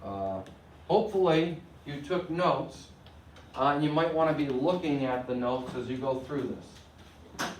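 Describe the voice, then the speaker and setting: A man's voice: a little high, a little slow, slight background noise. A man teaching a Spanish class, explaining grammar step by step and often checking that students follow. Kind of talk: classroom lecture. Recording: echoey room, mic at a distance.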